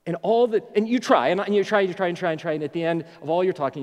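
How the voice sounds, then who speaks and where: A middle-aged man preaching a sermon as a pastor, an animated storyteller who jokes his way through. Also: high-pitched, very fast, long reverb tail.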